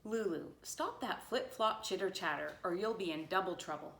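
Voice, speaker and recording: A woman's voice: lowish voice, lively intonation, normal speed, fairly bright tone. A woman voicing a strict, flustered schoolteacher in a storybook, scolding and fussy. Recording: roomy echo.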